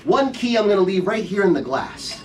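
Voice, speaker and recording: Man, middle-aged, stage magician, playful teasing patter, lively up-and-down pitch, recorded from the crowd, distant and slightly noisy. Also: normal speed. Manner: playful, teasing audience banter. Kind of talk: live comedy magic show patter. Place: theater show room, recorded from the audience. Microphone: audience member's camera from the front row. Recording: distant stage voice with faint room noise.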